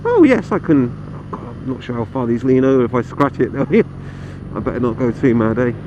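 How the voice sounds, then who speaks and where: A man's voice: medium pitch, sing-song, normal speed, lo-fi sound. A man chatting casually and self-deprecatingly as he reviews a motorcycle while riding it outdoors, with plenty of ums and uhs. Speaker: motorcycle vlogger reviewing a bike. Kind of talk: casual ride-along review. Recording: loud wind and engine noise.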